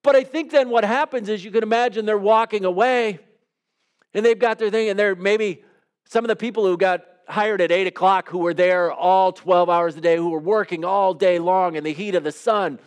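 A man's voice: sits high, fairly even intonation, normal speed, clear, resonant tone. A man preaching a sermon in a conversational way, often putting questions to his listeners. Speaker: pastor.

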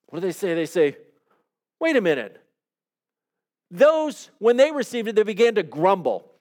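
Male preacher, high voice, chatty sermon delivery, lots of rhetorical questions to the room. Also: big pitch swings, brisk, warm tone. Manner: conversational, asks the listeners rhetorical questions. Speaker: pastor.

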